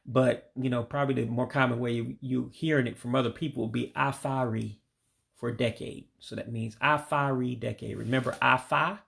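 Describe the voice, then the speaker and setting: A man with a gravelly, creaky voice walks through a casual vocabulary lesson. He says each word slowly and patiently, then lets his voice sink as he gives the English meaning. His pitch sits right in the ordinary middle for a man. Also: steady tone, a bit bright. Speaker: language learner teaching vocabulary. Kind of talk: casual spoken language lesson.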